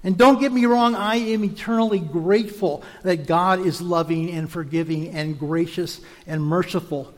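A high-voiced man delivers a careful, instructive sermon, walking through each point and now and then starting a word over. A long reverb follows his voice, like he's standing in a big hall. He is a preacher.

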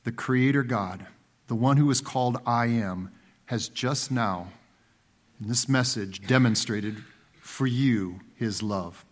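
A man preaching a sermon, slow and emphatic, with dramatic pauses and swings between loud and hushed delivery. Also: medium pitch. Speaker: pastor.

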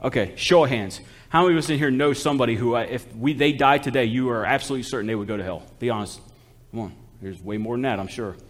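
A man's voice: mid-range voice, fast. A man preaching a sermon as a missionary, folksy and exhortative, calling out to the congregation for responses.

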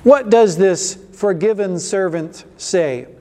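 A man's voice: high-pitched, slow, warm tone, big-room sound. A man preaching a sermon as pastor, driving his points home with rhetorical questions and rising emphasis.

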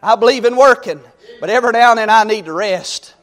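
A high-voiced, middle-aged man preaches with fervor. He swings from ringing exhortation down to soft, homey storytelling. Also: quick pace. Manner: fervent, swings from loud exhortation to quiet storytelling. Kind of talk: sermon.

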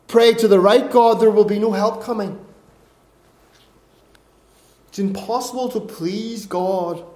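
High-voiced man preaching in an echoey room. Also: darkish tone. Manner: earnest, repeats and restarts words, acts out quoted voices. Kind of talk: sermon.

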